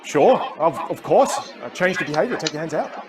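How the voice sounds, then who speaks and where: A man speaking as a communication coach in a live talk, energetic, emphatic and playful. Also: on the high side, normal speed. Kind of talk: live motivational talk on stage. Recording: live stage with loud crowd and noise.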